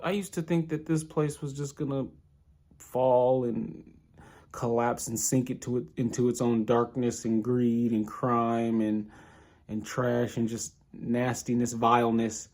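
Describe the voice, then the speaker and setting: A man doing a small-time male street hustler posing as a kid. He talks in an earnest, slowed-down way. It is close to the man's own everyday voice, with nothing put on about it. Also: mid-range voice, level tone, darkish tone, natural voice.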